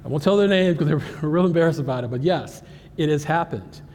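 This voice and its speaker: An animated man presents on cybersecurity to a live audience. He jokes often and asks the crowd questions. His voice sits a little high for a man and carries a long hall reverb over faint room ambience. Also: a little fast, a little hiss or hum. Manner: animated and joking, talks straight to the audience. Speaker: cybersecurity speaker. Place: conference hall.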